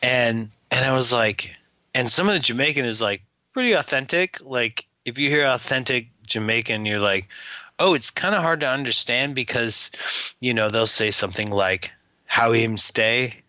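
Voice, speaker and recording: A man chatting as a podcast co-host, jokey and fond of goofy accent bits. His voice is bright and mid-pitched. The recording is dry and a little dull. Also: expressive, moderate pace, dry recording. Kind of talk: casual chat.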